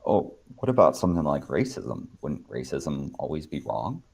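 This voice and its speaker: A man's voice: rumbling low, very animated, moderate pace, vocal fry, a little mellow, breathy edge. A man guest in a casual philosophical chat, probing with questions.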